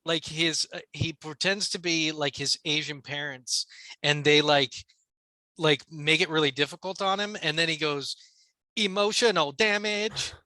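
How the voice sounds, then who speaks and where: A man's voice: on the high side, fairly even intonation, normal speed, bright, forceful tone, no room sound. A man co-hosting a podcast in casual chat, rambling and hesitant, with lots of restarts and casual swearing. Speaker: podcast co-host.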